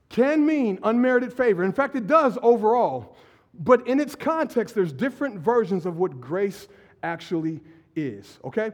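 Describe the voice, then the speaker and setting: A man preaching a lively, conversational sermon and joking with his congregation. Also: high voice. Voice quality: animated, jokey, talks with the audience. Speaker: pastor. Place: church sanctuary. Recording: long hall reverb.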